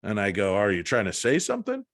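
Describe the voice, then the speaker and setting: A fairly low-pitched man speaks fast while telling a story in a podcast interview; he's a paranormal investigator who brings the quoted lines to life. Clean studio sound, no room sound.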